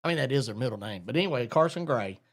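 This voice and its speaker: A man's voice: medium pitch, lively intonation, racing. A man hosting a live talk show, folksy and rambling as he greets listeners. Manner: folksy, rambling, Southern "y'all". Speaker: host.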